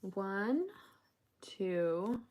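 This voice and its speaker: A woman's voice: medium pitch, drawn-out words, a little mellow. A woman on a casual crochet live stream, counting stitches aloud and laughing between lines as she chats to viewers.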